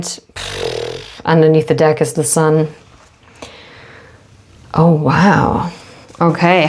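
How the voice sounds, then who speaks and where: Slow, low-voiced chatty tarot reader woman. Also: creaky, a little hiss or hum. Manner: chatty, self-interrupting, laughs at her own slips. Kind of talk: casual tarot reading to camera.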